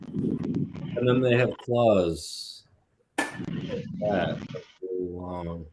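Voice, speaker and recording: A man chatting casually on a livestream, slow and mumbly, chuckling along. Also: deep voice, noisy background. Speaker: co-host.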